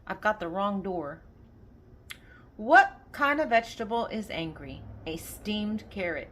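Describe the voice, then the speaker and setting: Her pitch sits in the middle, with lively intonation and a slightly bright quality, and she doesn't hurry. The older woman reads riddles from a children's joke book, then supplies the answers, laughing along at the jokes.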